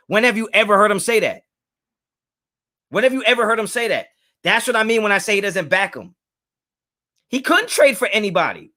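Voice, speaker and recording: A man's voice: high-pitched, animated, moderate pace, long pauses, pushed and bright. A young man hosting a live sports fan talk, arguing heatedly with chat and repeating himself to press a point. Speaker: sports talk show host.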